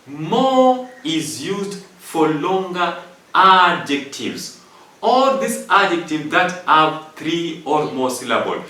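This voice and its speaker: A man's voice: a little high, very animated, slow, sharp tone. A man teaching an English grammar lesson, going step by step through rules and repeating them with examples. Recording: echoey room from far off.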